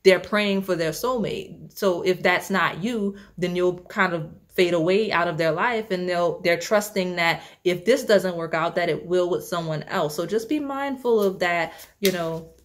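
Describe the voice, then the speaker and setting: A woman's voice: lowish voice, unhurried, few pauses. Chatty young woman reading tarot. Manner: chatty, rambling, many fillers and restarts; laughs often. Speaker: tarot reader. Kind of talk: casual spoken tarot reading.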